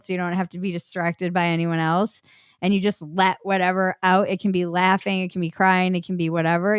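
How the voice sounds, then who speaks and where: A woman's voice: lowish voice, clear, resonant tone, no room sound, clean studio sound. A woman guest on a podcast, telling a personal story in a frank, blunt way, loose with fillers.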